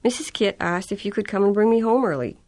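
A woman's voice: mid-range voice, quick pace, a little mellow, voice pushed up, close to an everyday voice. A woman voicing an anxious young girl. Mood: nervous.

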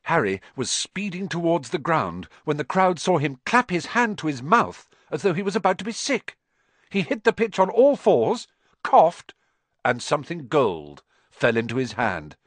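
A man narrating an audiobook with expressive storytelling. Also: on the high side, normal speed, dry recording. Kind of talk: scripted narration.

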